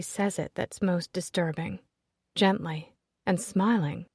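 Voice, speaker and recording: A woman narrating a first-person romance audiobook in an expressive storytelling voice. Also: fairly low pitch, slow pace, breathy edge, dry recording, clean studio sound.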